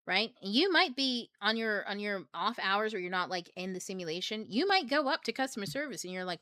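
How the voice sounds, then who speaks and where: A woman's voice: medium pitch, expressive, fairly quick, few pauses, pushed and bright, no echo, clean studio sound. A young woman hosting a book club livestream, talking in a rambling, joking, profane way. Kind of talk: casual livestream talk.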